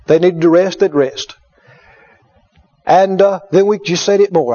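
High-voiced, emphatic preacher man. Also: animated, measured pace, mellow. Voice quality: emphatic, repetitive storyteller. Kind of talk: sermon. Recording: dull lo-fi recording.

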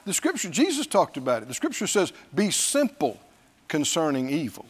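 A man preaching a sermon in an animated way, laughing often and acting out the voices of the people he quotes. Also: a little high, moderate pace, slightly rough.

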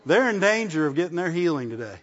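A man preaching to his congregation in a relaxed, conversational way, pausing to ask for an "amen". His voice sits a touch high for a man. The recording sounds muffled and carries a long reverb from a large hall. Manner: conversational preaching with call-and-response asides. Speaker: pastor. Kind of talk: sermon. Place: church service.

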